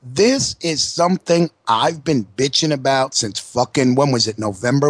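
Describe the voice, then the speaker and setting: A man co-hosting an internet radio show, griping in casual, profane wrestling talk, sometimes dropping to hushed asides. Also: medium pitch, normal speed, few pauses, slightly rough, dry recording. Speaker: podcast co-host.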